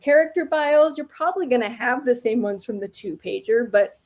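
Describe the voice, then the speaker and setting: A woman's voice: a little high, expressive, a little fast, a little mellow. A woman guest speaker giving an informal, chatty and enthusiastic talk to students over a video call. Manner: chatty and enthusiastic, laughs between points. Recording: dull lo-fi audio.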